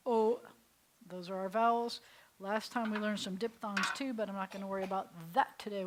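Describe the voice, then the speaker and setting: A woman rabbi teaches a beginners' class in an even, mid-pitched voice. She keeps it light and playful and leads her students through call-and-response drills. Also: a little hiss or hum. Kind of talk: classroom lesson. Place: synagogue classroom.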